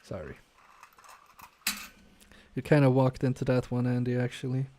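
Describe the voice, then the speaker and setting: A man's voice: mid-range voice, steady tone, normal speed, dark tone, no echo. A man casually live-streaming a repair from his home workbench, reading viewer chat aloud and muttering to himself with self-mocking humor.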